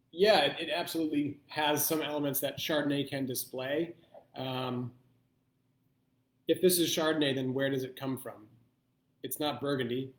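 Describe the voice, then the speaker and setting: A man's voice: mid-range voice, echoey room. Thoughtful man hosting a wine tasting. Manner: thoughtful, thinking aloud with pauses. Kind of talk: live online blind tasting.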